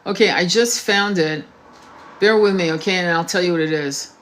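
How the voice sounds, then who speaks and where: A woman's voice: lowish voice, moderate pace. A woman hosting a casual livestream, talking while searching online, distracted and swearing, with many restarts. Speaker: tarot reader livestream host.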